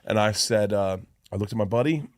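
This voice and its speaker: A man telling a wild story on a podcast, animated and acting out the voices of people in it. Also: fairly low pitch, a little fast, no echo, clean studio sound.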